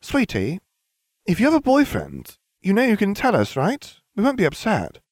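A man voicing a gentle middle-aged mother speaking in a soft, coaxing way. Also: high voice, wildly swooping pitch, normal speed, no echo, studio quality, voice pushed up, exaggerated voice.

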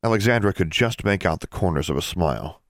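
A man narrating fantasy fiction aloud in an expressive storytelling manner, close to the mic. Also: low voice, brisk, dry recording. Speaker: audiobook narrator.

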